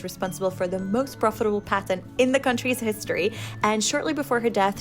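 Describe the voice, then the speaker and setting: Chatty young woman vlogging with music. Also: medium pitch. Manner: chatty, upbeat, laughs often. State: out of breath walking uphill. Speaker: travel vlogger. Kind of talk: casual travel vlog to camera. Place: outdoors and indoors while traveling. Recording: music playing underneath.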